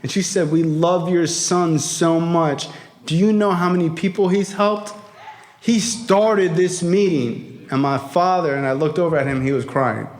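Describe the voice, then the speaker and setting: A man with a high-pitched voice tells his recovery story to a convention crowd. He talks in a raw, blunt way, swears freely, and pushes some lines up to a shout. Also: fairly even intonation, measured pace. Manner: raw, profane, emphatic storytelling with shouted peaks. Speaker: recovery speaker. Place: convention hall before an audience.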